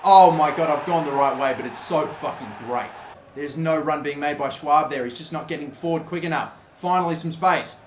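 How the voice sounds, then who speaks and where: A young man giving live commentary over a football video game, swearing freely and shouting at big moments. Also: on the high side, moderate pace, roomy sound, noisy background. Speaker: gaming commentator.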